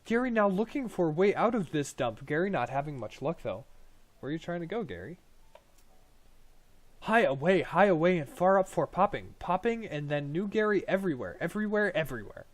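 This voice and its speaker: Shrill, hyper goblin. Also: male voice, lively intonation, moderate pace. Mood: eager. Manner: repeats words, broken grammar, refers to himself by name. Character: hyper excited male goblin, chattering.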